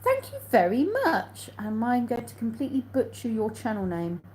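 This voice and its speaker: A woman's voice: a little high, big pitch swings, normal speed, darkish tone, slight background noise, low-quality recording. An English woman hosting a casual live stream on her phone, reading out viewer comments, answering them and laughing often. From England.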